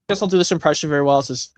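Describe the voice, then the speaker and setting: A man hosting a casual impressions stream, rambling with restarts and quick bursts of talk. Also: on the high side, background noise. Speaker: stream host doing voice impressions.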